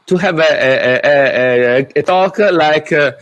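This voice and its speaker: A man's voice: a little high, takes it slowly, a bit bright, muffled recording. A man, hosting a casual tech chat and talking with many fillers and restarts. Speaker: host. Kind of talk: casual video-call chat.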